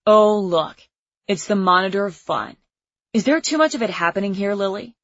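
A woman's voice: medium pitch, animated, moderate pace, dry recording, close to an everyday voice. A woman doing a smug teenage bully boy. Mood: mocking. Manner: mocking, showy. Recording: slightly muffled lo-fi recording.

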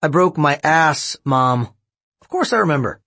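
A man voicing a joking middle-aged father in an audiobook, with a husky voice and a playful manner. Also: fairly high pitch, animated, unhurried, bright, forceful tone, no room sound, exaggerated voice. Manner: wisecracking, playful.

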